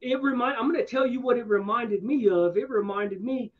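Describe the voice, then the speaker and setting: Man, high-pitched voice, rambling casual storyteller, slangy asides, muffled lo-fi audio. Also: fairly quick. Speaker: streamer. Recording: dull lo-fi sound.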